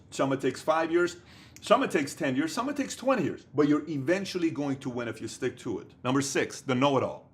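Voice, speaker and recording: A man giving an emphatic motivational business talk, repeating his points and acting out imagined conversations. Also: medium pitch. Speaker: motivational speaker.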